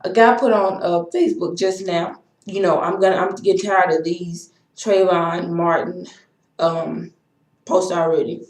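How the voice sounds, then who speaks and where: A woman's voice: on the low side, steady tone, unhurried, a little mellow. A young woman, talking in an impassioned, repetitive way in a personal vlog. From Texas. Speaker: vlogger. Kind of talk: emotional personal vlog rant. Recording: echoey room.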